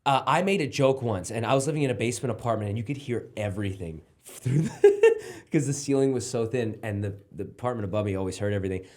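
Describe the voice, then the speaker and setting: A man in casual podcast banter, telling crude stories in an animated, profane way. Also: medium pitch, fast talker, hardly any pauses. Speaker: comedian guest.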